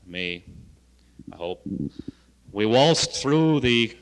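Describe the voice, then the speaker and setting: Speaking very slowly, a man lectures students as a health education coordinator, mixing rhetorical questions with folksy anecdotes. His medium-pitched voice is expressive and clean-toned, though the 1970 archive recording echoes around the lecture hall.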